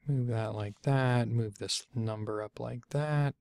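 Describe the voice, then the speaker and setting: A man walks through a software tutorial in an easygoing, chatty way, thinking aloud and catching his own slips as he goes. His voice has a gravelly, creaky edge at an ordinary middle pitch. The sound is dry and close, with no room around it. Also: normal speed, hardly any pauses, no room sound. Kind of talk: casual screencast walkthrough.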